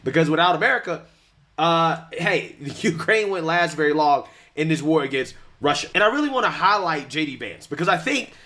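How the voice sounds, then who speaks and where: A man's voice: on the high side, animated, moderate pace, sharp tone. A man giving casual political commentary, often laughing lightly and asking "right?" as he goes. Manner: chuckles through his points, tags lines with "right?".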